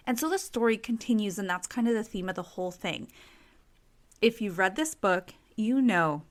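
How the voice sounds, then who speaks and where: Woman, true crime podcast host, chatty, expressive, filler-heavy, middle pitch. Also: moderate pace.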